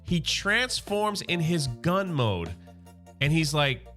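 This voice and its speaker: A man recapping a comic book in a casual, slangy, excited way. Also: a little high, slow, faint music behind.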